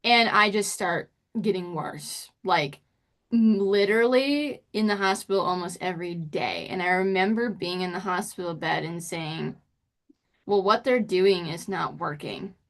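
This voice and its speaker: Middle-aged woman guest, animated storyteller, voice leaps up when quoting herself. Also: a little slow. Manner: expressive, pitch jumps when acting out quotes. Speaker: podcast guest. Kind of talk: casual storytelling interview.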